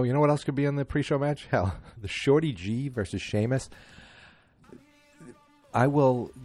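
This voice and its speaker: A man's voice: fairly low pitch, mellow. A middle-aged man hosting a podcast, chatting casually and wryly, rambling with many fillers and self-deprecating asides. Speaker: podcast host. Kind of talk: casual wrestling chat.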